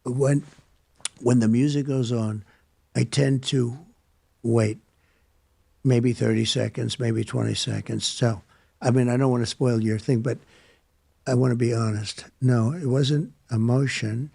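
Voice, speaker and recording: A man's voice: medium pitch, steady tone, a little slow, vocal fry, long pauses, mellow, slightly rough, no echo. An older man giving rambling, repetitive interview answers on a podcast, often interrupting himself. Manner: meandering, repetitive, self-interrupting. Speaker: podcast guest.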